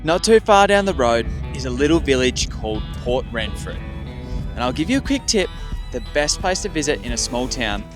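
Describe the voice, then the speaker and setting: A young Australian man talks in an easygoing, chatty way, joking as he goes. His voice sits at a middling pitch. Music plays behind him. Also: sing-song, normal speed. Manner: chatty, laid-back, joking. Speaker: travel vlogger. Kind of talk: casual travel vlog chat. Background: background music.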